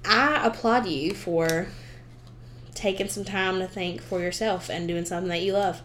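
A woman's voice: on the low side, fairly even intonation, normal speed, fairly bright tone, slight background noise. Woman, 20s, Southern US accent, podcast host, casual chat, encouraging and effusive.

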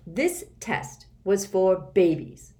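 Woman playing a smug schoolboy, scornful, lecturing, slow and deliberate, storybook bully. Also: mid-range voice, sing-song, dark tone. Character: smug, know-it-all boy at school.

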